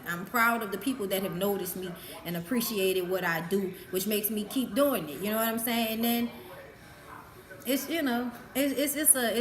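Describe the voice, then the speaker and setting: A woman's voice: medium pitch, fairly bright tone. A woman with a New Orleans accent hosting a live Q&A as a vlogger, talking frankly and profanely and laughing often. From New Orleans, USA. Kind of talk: casual chat. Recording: roomy echo.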